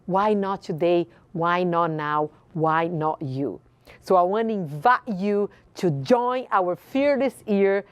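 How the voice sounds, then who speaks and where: A woman's voice: lowish voice, takes it slowly, clean tone, dry recording, highs cut off. Brazilian-accented woman giving a passionate speech. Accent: Brazilian Portuguese. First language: Portuguese. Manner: passionate, repeats phrases for emphasis. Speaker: host. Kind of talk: inspirational speech.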